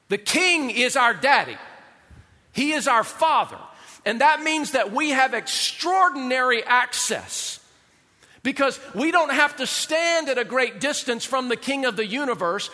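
Male pastor, high bright voice, lively sermon delivery, long hall reverb. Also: unhurried. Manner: animated, rhetorical questions to the congregation.

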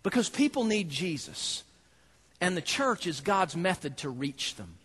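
A man, preaching a sermon in an animated storytelling way that swings from loud preaching to quiet asides. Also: sits high, a little slow, breathy edge. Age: 30s. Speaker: pastor.

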